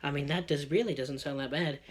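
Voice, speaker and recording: A man telling a personal story as a rant, excitable and full of swearing. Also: a little high, a little fast, a little hiss or hum. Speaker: vlogger.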